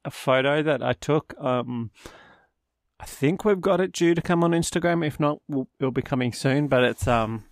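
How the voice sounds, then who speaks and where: A man's voice: a little high, moderate pace, dry recording, studio quality. A man, co-hosting a travel podcast in an enthusiastic, rambling way and laughing often. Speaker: podcast co-host. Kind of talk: casual travel podcast chat.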